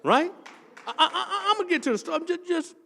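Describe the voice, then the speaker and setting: An older man, preaching a testimony sermon as associate pastor and telling a story that builds up into shouting. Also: very high-pitched, quick pace, vocal fry, in a large hall. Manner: animated storytelling, swells into shouting.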